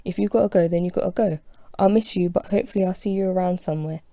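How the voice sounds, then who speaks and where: A woman's voice: fairly low pitch, quick pace, warm tone, dry recording, studio quality, lightly acted. A woman reading an audiobook aloud, voicing a friendly female office manager with a bubbly, gushing manner. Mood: affectionate.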